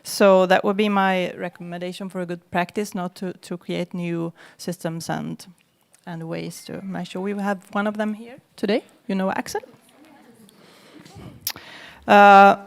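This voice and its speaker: A middle-aged woman from Sweden speaks at a panel, close to tears and full of pauses and fillers. Her voice is smooth and clear at a middling pitch. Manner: hesitant, many fillers, moved. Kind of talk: panel discussion remarks.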